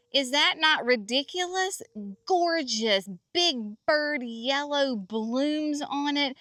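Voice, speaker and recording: A woman's voice: on the high side, bright, forceful tone, no echo. A woman from North Carolina, chatting folksily and with enthusiasm as she hosts a walk through her garden. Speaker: garden center host. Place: outdoor garden.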